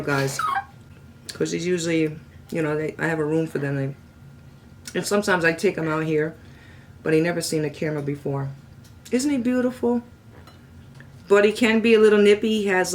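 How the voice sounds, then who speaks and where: Chatty middle-aged woman vlogger. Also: a little hiss or hum. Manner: chatty, talks to her parrot in a high sweet voice. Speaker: cooking channel host. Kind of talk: casual chat to camera.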